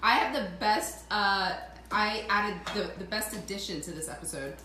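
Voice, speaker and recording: A woman's voice: medium pitch, moderate pace, reverberant. A woman co-hosting a cooking show, teasing her partner in playful, casual banter.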